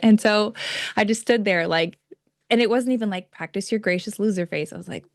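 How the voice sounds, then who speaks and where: A woman in her thirties telling an animated story as a guest on a video call, acting out her own reactions and laughing often. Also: mid-range voice, fairly quick, no room sound, clean studio sound. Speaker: pageant titleholder guest.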